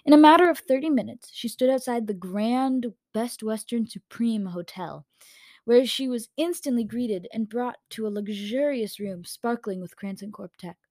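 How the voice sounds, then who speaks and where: A woman's voice: a little high, normal speed, warm tone, dry recording. A woman reading a story aloud in a casual way, with slips and corrections, into a home microphone. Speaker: story reader.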